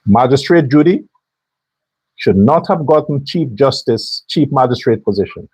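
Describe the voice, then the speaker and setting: A man's voice: medium pitch, expressive, moderate pace, darkish tone, husky, no echo, poor audio. A man delivering an angry, profane political commentary rant as a show host. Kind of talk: heated political commentary monologue.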